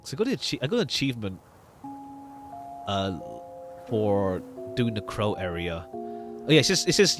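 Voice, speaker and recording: A man's voice: fairly low pitch, big pitch swings, moderate pace, long pauses. A man streaming a game, chatting casually and rambling with stammering restarts over background music.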